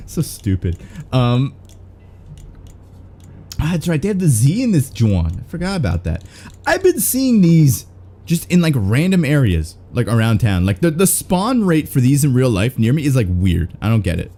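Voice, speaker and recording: A man's voice: mid-range voice, wildly swooping pitch, moderate pace, mellow. A young man doing casual, rambling live-stream gameplay commentary, swearing and self-mocking. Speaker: game streamer.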